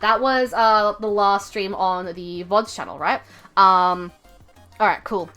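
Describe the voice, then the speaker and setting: A young woman livestreaming from home, telling a rambling story full of fillers and self-corrections in a chatty, expressive way. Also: mid-range voice, slow pace, faint music behind. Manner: chatty and expressive, laughing at her own story. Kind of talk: casual livestream chat.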